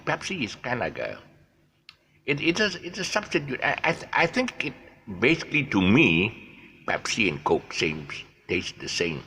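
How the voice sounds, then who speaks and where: Gravelly, deep-voiced older man. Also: big pitch swings, moderate pace, sharp tone, slight background noise. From Malaysia. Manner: hesitant, full of fillers, chuckling. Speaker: vlogger. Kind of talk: casual storytelling monologue.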